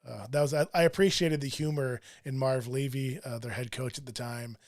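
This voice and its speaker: A man's voice: mid-range voice, steady tone, brisk, darkish tone. A middle-aged man hosting a sports show, chatting casually through a countdown list, rambling with lots of fillers and self-deprecating asides.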